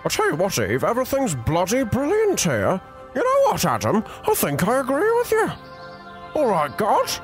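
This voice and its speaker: A man's voice: very high voice, wildly swooping pitch, moderate pace, soft background music, pitched above the performer's own voice, heavily acted. A man doing a comic impression of an exasperated male comedian who keeps crying out "bloody hell".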